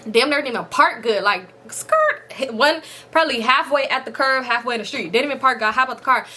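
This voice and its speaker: A young woman with a bright, high-ish voice recounts a story to her viewers in a casual vlog. She swears freely and acts out every line of dialogue. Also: a little fast. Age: 20s. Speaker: storytime vlogger.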